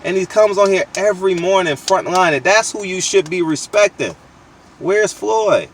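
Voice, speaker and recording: A man's voice: high voice, animated, moderate pace, far from the mic, slight background noise. A man hosting his channel, delivering a blunt, slangy, profane opinion rant with lots of emphatic restarts, recorded outdoors. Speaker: channel host.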